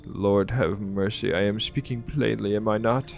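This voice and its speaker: A man's voice: on the low side, moderate pace, creaky, darkish tone, soft background music. A man voicing a smug, formal nun who lectures in a prim, condescending way. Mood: haughty. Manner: formal, preachy, mildly condescending.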